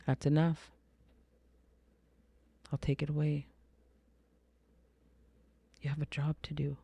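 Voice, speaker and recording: A woman quoting a quiet gentle divine voice. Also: low-pitched, completely flat delivery, slow pace, slightly rough, no room sound, heavily acted. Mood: calm. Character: the voice of God, calm and gentle.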